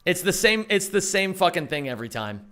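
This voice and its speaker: A man's voice: sits high, sing-song, a little fast, bright, forceful tone, slight background noise. A young man streaming, telling rambling, profane jokes in casual chat and answering chat. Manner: rambling, profane, jokey storytelling with put-on voices. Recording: faint music behind.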